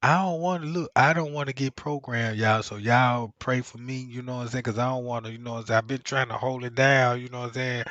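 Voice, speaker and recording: A male vlogger telling stories in a casual monologue, swinging between low muttering and loud exclamations, with frequent profanity and filler phrases. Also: no room sound. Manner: peppers talk with profanity and "you know what I'm saying". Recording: slightly muffled, dry sound.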